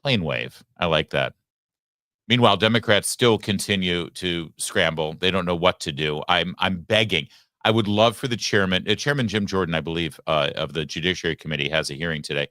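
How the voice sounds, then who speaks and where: A male show host giving live political commentary in a low, bright, forceful voice. He speaks emphatically and drops sarcastic asides. The sound is dry and close to the mic. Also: a little fast, no room sound.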